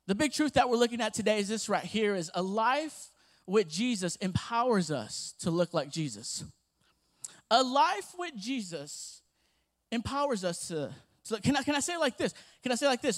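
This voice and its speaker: High-voiced young man preaching a sermon. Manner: storytelling, animated, acts out family voices.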